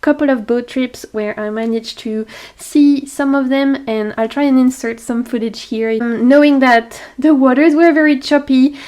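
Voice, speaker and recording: A woman with a French accent, chatting brightly to camera in a tarot vlog, laughing often. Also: high-pitched, fairly even intonation, normal speed. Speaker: tarot vlogger. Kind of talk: casual chat to camera. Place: home on a tropical island. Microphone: camera facing the speaker.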